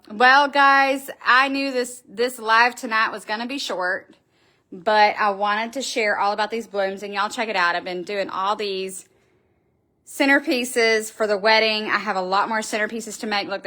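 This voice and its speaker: A woman's voice: mid-range voice, sharp tone. A middle-aged woman, hosting a casual live stream from her wreath shop, gushing and chatty as she answers viewers.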